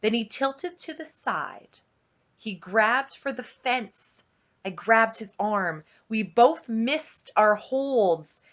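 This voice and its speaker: A woman reading a novel aloud at home, unhurried and dramatic, dropping to a hush at tense moments. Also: medium pitch. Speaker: audiobook reader on her channel.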